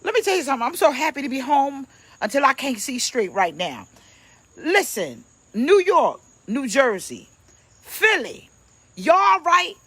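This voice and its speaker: A woman's voice: a little high, fairly bright tone, slightly rough, no echo. A woman pastor, preaching casually on a livestream from home, playful and chatty as she greets viewers by name.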